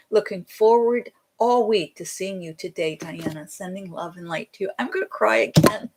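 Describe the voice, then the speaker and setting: A woman's voice: lowish voice, husky. A woman in her seventies, a psychic medium, talking earnestly and tenderly to her viewers and reading channeled answers in a livestream. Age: 70s. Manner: earnest and tender, sometimes self-deprecating. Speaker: psychic medium hosting a weekly show. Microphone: desk microphone.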